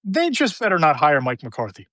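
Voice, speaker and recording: A man's voice: fairly high pitch, huge pitch swings, normal speed, bright, forceful tone, no room sound. A man hosting a sports podcast, talking in an emphatic, opinionated way about coaches. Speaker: podcast host. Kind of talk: casual sports talk.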